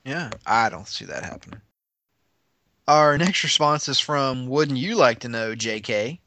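A man's voice: medium pitch, animated, a little slow, bright, forceful tone, a little hiss or hum. A man co-hosting a podcast in casual chat, laughing often and reading listener responses aloud. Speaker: podcast co-host.

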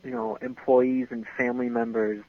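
A man's voice: medium pitch, big pitch swings, moderate pace, creaky, phone-quality sound, slight background noise. A man co-hosting a casual book podcast, joking and teasing the others. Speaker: podcast co-host.

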